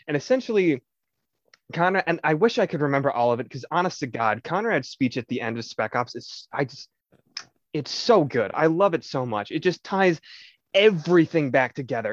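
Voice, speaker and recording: Young male podcast co-host, lively storyteller who swears freely, dry and slightly dull recording. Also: a little high, moderate pace, no room sound. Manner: animated storytelling, swears a lot, acts out quotes. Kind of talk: casual chat.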